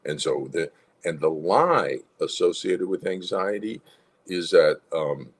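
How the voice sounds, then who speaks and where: A man's voice: low-pitched, slow pace, husky. A man, a psychologist hosting an instructional livestream, who talks animatedly and acts out different tones of voice. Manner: animated, demonstrates tones of voice, chuckles.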